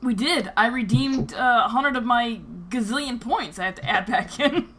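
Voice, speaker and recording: A woman's voice: on the high side, moderate pace, a bit bright, slight background noise. A woman hosting a tabletop game stream as game master, chatting casually, often laughing and repeating words as she rambles.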